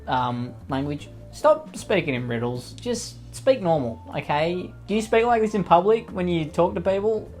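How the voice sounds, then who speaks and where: A man doing sarcastic, mocking comedy commentary, swearing freely as he reacts to posts. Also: a little high. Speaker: commentary YouTuber.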